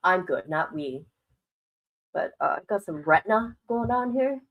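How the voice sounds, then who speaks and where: A woman's voice: on the low side, animated, a little slow, fairly bright tone, poor audio. An older woman streamer chatting casually and candidly, rambling, swearing freely, and worried while laughing her troubles off. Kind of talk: casual livestream chat.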